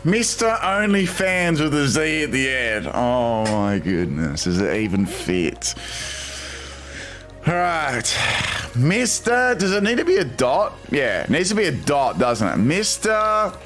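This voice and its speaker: An Australian man in his twenties talks slowly and leisurely through a live stream, reading viewers' chat suggestions aloud with amused, incredulous reactions. His somewhat high, slightly bright voice swings widely in pitch, with faint music playing in the background.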